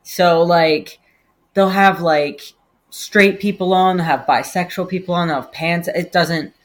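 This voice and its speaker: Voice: medium pitch, fairly even intonation, measured pace. A podcast co-host chatting casually, hesitant and full of "like" and "um". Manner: hesitant, lots of fillers and "like". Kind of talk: casual chat.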